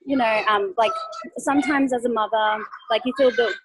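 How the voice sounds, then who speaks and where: A fairly high-voiced young woman speaks over a video call. She sounds nervous and hesitant, filling her sentences with ums and likes. Faint noise sits under her voice. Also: fairly even intonation, brisk. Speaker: guest speaker. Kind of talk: nervous testimonial.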